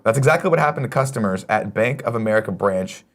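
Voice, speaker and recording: A man's voice: lowish voice, animated, quick pace. A man co-hosting a comedy morning show, reading odd news stories aloud with crude jokes. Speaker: co-host. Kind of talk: casual comedic news chat.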